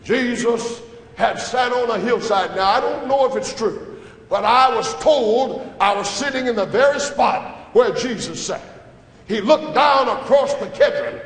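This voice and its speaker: A man preaching a sermon in a church, dramatic and emphatic, rising to shouts and dropping to hushed asides. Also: very high voice, a little slow. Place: church sanctuary. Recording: echoey church hall with long reverb.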